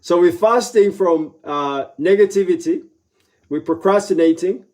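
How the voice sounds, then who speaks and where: A middle-aged man delivers a live motivational talk, his voice a touch high yet warm and mellow. He hammers his points home through repetition and slips into playful voiced asides. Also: measured pace. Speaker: motivational speaker.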